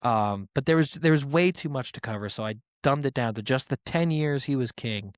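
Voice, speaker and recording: A man's voice: medium pitch, normal speed, no room sound, studio quality. Casual, profane male podcast host. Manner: rambling and profane, with filler words; irreverent and joking.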